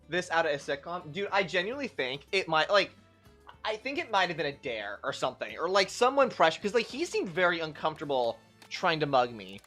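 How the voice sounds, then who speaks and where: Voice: mid-range voice, very animated, fairly quick, a bit bright, faint music behind. A young adult game streamer chatting casually with viewers on a livestream, telling a rambling story full of "like" fillers.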